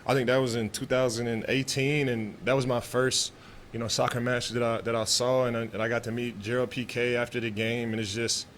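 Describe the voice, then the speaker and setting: A man's voice: mid-range voice, little pitch movement, fairly quick, hardly any pauses, fairly bright tone, a little hiss or hum. Laid-back man from Texas, press talk. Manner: laid-back, loose, repeats and restarts. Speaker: pro football player. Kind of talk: press conference answers.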